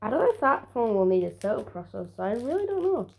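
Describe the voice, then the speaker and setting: A woman's voice: a little high, sing-song, quick pace, vocal fry, husky. A woman unboxing a new phone for her vlog, talking casually with sarcastic, grumbling asides. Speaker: vlogger.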